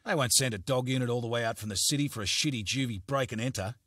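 A man voicing a rough-talking, impatient male country police officer who swears bluntly, for an audiobook. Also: medium pitch, fast, fairly bright tone, dry recording, clean studio sound, natural voice. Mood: gruff. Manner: coarse, blunt, swears freely. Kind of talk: audiobook character voice.

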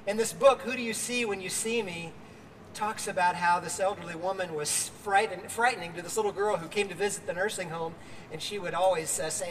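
High-voiced older male preacher outdoors. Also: a little fast, fairly bright tone, big-room sound, distant mic, slight background noise. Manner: earnest, with fillers and restarts. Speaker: pastor. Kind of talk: sermon.

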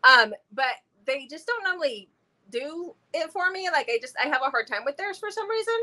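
A woman's voice: sits high, lively intonation, a little fast, pushed and bright. A woman in her thirties, co-host of a book channel, chatting casually and enthusiastically about books. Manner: enthusiastic, talkative, laughs often.

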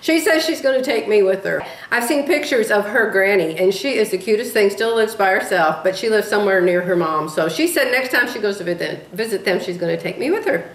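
A woman's voice: medium pitch, expressive, a little fast, few pauses. A woman in her sixties telling rambling stories in a casual vlog, chatty and drifting off topic, laughing at herself. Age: 60s. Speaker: beading vlogger. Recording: echoey room.

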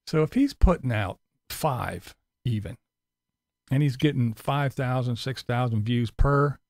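A man's voice: mid-range voice, lively intonation, unhurried, a little mellow, dry recording, studio quality. A man ranting sarcastically and profanely in a casual vlog. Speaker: vlogger.

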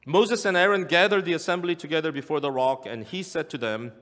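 A man's voice: a little high, fairly quick, hardly any pauses, fairly bright tone. A male pastor preaching a sermon, emphatic and repeating key phrases for weight. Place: church sanctuary. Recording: long church hall reverb.

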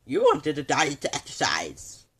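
A bouncy, teasing buddy, as a man puts him on, whose voice leaps all over the place and rings bright and forceful. The delivery is quick and playful. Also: a little high, wildly swooping pitch, vocal fry, slightly rough, full character voice.

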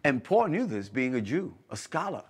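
A man's voice: medium pitch, big pitch swings, normal speed, husky. A man preaching a sermon with emphasis, repeating key phrases and asking the listeners whether they are hearing him. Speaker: pastor.

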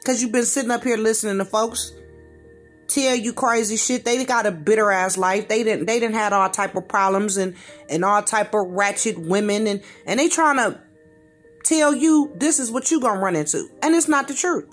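A woman talks straight to the camera in a blunt reaction rant, full of slang and repeated words for emphasis. Her voice sits at an ordinary middle pitch. Faint music plays underneath. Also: moderate pace. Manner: slangy informal speech. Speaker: commentator reacting to a video.

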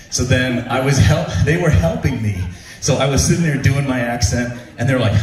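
A brisk, medium-pitched man performs animated stand-up storytelling in his own show for a live audience at a ship's show venue, laughing often and acting out quotes. The echoey hall is captured on a distant mic with faint ambience.

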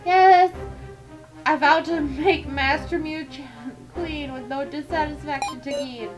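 A woman voicing an overly polite, eager young female attendant in a game, over loud background music. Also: sits high, fairly even intonation, slow pace, voice pushed up, low-quality recording.

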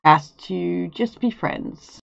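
Slow, relaxed woman narrating gameplay. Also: on the low side, gravelly, dull audio. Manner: relaxed, thinks aloud while playing. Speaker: gameplay video host. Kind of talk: casual gameplay commentary. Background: faint game music.

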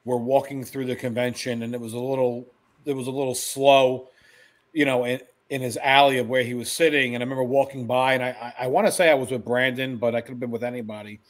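A middle-aged man co-hosting a podcast, telling a relaxed anecdote in casual chat. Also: mid-range voice, fast. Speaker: podcast co-host.

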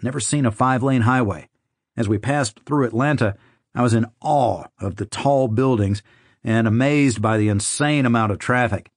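A man narrating a first-person audiobook in a steady, conversational storytelling manner. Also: medium pitch, no room sound, clean studio sound.

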